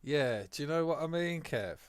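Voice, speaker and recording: A man's voice: fairly high pitch, normal speed, smooth, no echo. Sweary man commentating his race. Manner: excitable and sweary, jumps between mutters and loud outbursts. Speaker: sim racing streamer. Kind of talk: live gameplay commentary.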